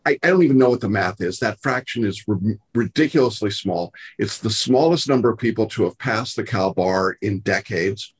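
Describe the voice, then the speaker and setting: Male interviewer, husky low voice, calm and supportive delivery. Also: fairly quick, hardly any pauses. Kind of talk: interview questions.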